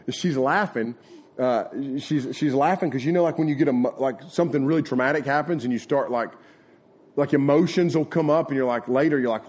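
A man's voice: medium pitch, fast, darkish tone. A middle-aged man, preaching a sermon in a folksy, conversational way and acting out retold conversations. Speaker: pastor. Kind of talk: sermon with personal storytelling.

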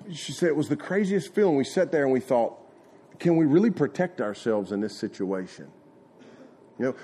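A middle-aged preacher, his voice husky and a little breathy. He delivers his sermon in a relaxed, folksy way. He tells stories at mid pitch and lifts his voice when quoting others. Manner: folksy, conversational preaching with lively retold quotes. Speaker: pastor. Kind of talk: sermon with personal storytelling.

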